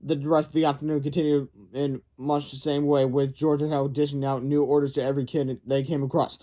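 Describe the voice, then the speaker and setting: A man's voice: fairly high pitch, flat delivery, fairly quick, dark tone. Man reading a kids' book aloud. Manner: stumbling, self-correcting. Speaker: read-aloud narrator.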